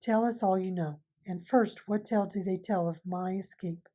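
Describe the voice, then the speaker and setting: A woman's voice: medium pitch, normal speed, mellow, natural voice. A woman reading aloud, voicing an earnest young male king who asks for news. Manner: earnest, questioning.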